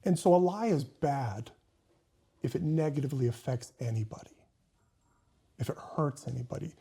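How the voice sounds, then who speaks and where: A man's voice: medium pitch, lively intonation, normal speed, vocal fry, dark tone, slightly rough. A man in a casual, reflective conversation, feeling his way through ideas with thoughtful, searching phrasing.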